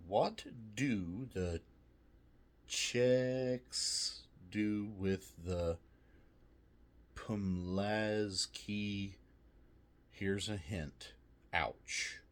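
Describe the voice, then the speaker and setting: A man casually reviewing snacks, reading trivia aloud with jokey asides, swearing and laughing often. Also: sits low.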